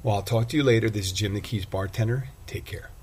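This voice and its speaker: A man's voice: lowish voice, fast, darkish tone, a little hiss or hum. A man hosting a casual solo podcast, rambling and self-deprecating as he talks. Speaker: podcast host and bartender.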